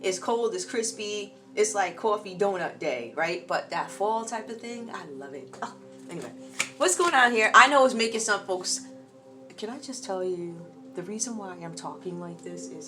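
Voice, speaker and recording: Woman tarot reader, casual and animated, slangy asides, soft music bed underneath. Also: medium pitch, normal speed. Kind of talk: casual tarot reading monologue.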